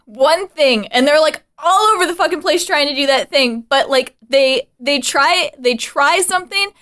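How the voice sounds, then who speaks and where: Woman, podcast co-host, casual chat, very high voice, rambling, laughs and swears. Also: normal speed, bright, forceful tone.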